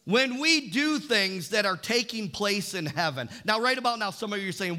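A man preaching a sermon as pastor, reading scripture slowly and calling on the congregation to repeat after him. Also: high-pitched, very animated, bright, forceful tone.

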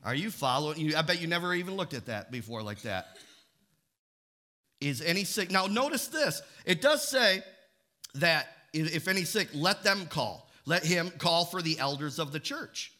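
Emphatic high-voiced male preacher. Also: lively intonation, moderate pace. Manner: emphatic, call-and-response preaching with rising shouts. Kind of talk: sermon. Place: church.

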